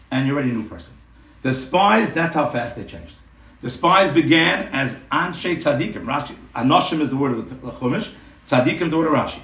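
A man giving a storytelling Torah class, animated and full of rhetorical questions. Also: fairly high pitch. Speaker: Torah teacher. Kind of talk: storytelling sermon. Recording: roomy room, mic at a distance.

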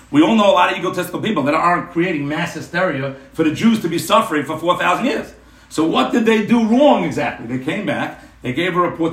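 A man giving a storytelling Torah class, animated and full of rhetorical questions. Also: a little high. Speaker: Torah teacher. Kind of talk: storytelling sermon. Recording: roomy room, mic at a distance.

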